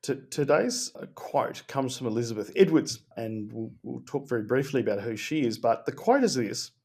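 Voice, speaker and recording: An earnest podcast co-host, speaking at a middling pitch. He often stops and restarts his sentences, hunting for the next word as he goes. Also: expressive, moderate pace, creaky, hardly any pauses, darkish tone. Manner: hesitant, many fillers and restarts, earnest. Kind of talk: casual podcast chat.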